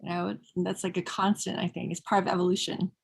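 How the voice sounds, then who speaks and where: A woman's voice: on the low side, little pitch movement, fast talker, creaky, slightly rough. A woman hosting an interview show over a video call, giving short, affirming replies. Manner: brief, affirming responses. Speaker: show host. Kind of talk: casual interview chat.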